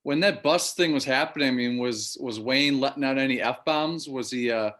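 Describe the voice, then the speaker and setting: A male podcast host asks curious questions in an easygoing way. His voice sits at an ordinary middle pitch. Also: normal speed, fairly bright tone. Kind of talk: interview questions.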